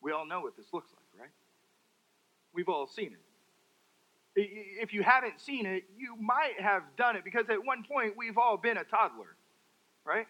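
A man preaching a sermon, dramatic, swinging from loud outbursts to hushed, quiet phrases. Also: sits high, animated, moderate pace, pauses often, dull audio.

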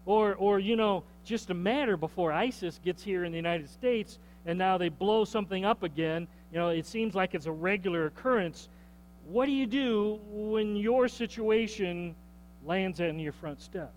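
High-voiced pastor preaching casually. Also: male voice, normal speed, slight background noise, rough recording. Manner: conversational preaching, frequent "okay?" check-ins and repeated words. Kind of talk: sermon. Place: church.

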